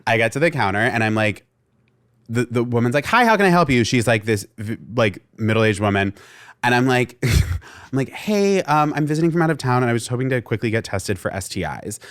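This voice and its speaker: A young man from Vermont, co-hosting a podcast, tells a story in a casual, animated way and acts out the people in it. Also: medium pitch, brisk. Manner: animated storyteller acting out quoted voices, lots of "like". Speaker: podcast co-host.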